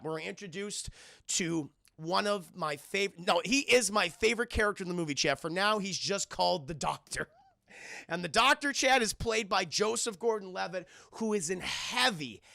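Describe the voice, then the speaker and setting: A man recapping a film for a live chat in an excitable, swearing, casual way on a desktop mic. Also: high voice, vocal fry, dry recording, clean studio sound. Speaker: film reviewer streaming to chat.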